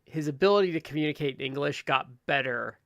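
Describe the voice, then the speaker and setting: A man co-hosting a wrestling podcast, chatting casually with quick asides that trail off mid-sentence. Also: a little high, gravelly, no echo, studio quality. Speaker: podcast co-host. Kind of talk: casual chat.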